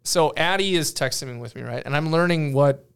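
A man's voice: fairly high pitch, moderate pace, creaky, clean tone. A middle-aged man, hosting a casual chat and telling family stories with chuckles. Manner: storytelling, chuckling, drops into brief mimicked voices. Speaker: podcast host.

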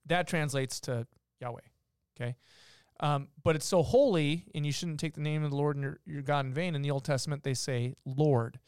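Smooth-voiced man explaining scripture. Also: fairly high pitch, moderate pace, darkish tone, no room sound, clean studio sound. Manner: explains patiently, reads verses aloud, many restarts. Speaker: podcast co-host teaching scripture. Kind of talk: casual explanatory Bible talk.

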